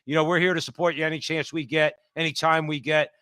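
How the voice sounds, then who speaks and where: A man's voice: on the high side, little pitch movement, quick pace, bright, forceful tone, dry recording. A man hosting a radio talk show in a chummy, folksy way. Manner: chummy, folksy, calls people brother.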